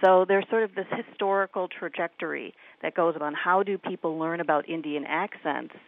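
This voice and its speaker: A guest commentator on a radio talk show explaining in a measured way, with fillers. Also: mid-range voice, dry recording. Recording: tinny phone line.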